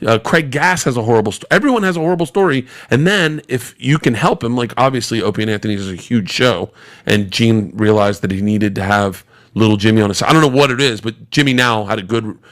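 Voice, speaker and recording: A man in his forties spins a casual story as a podcast guest. His delivery is animated and profane, rushing through details and leaning hard on punchlines. He has a mid-range male voice. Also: medium pitch.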